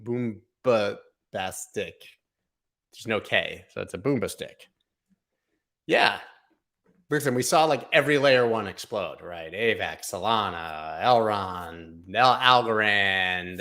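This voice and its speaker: A man's voice: on the low side, bright, forceful tone. A male host giving casual, jokey livestream commentary on market charts, thinking aloud as he rambles from one chart to the next. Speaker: crypto market analyst host.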